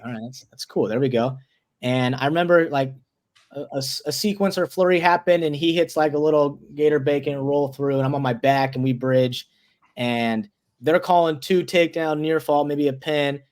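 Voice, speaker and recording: A young man in his twenties, a guest on an interview show, telling a story in a loose, animated way, restarting words and leaning on "like". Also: on the high side. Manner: animated storyteller, acts out quoted voices.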